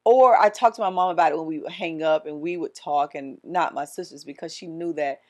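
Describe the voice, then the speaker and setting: A woman's voice: low-pitched, fairly quick, darkish tone. A woman in her forties co-hosting a podcast, talking in a casual, earnest and reflective way, often restarting her sentences. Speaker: podcast co-host. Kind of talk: casual chat.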